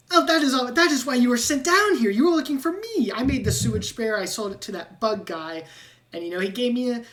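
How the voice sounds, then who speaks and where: An eccentric male rat scientist, shady and desperate for a friend, squeaking through his lines, as a woman acts him out. His high voice leaps all over the place and sounds a little distant from the microphone. He fits a tabletop fantasy game. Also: natural voice.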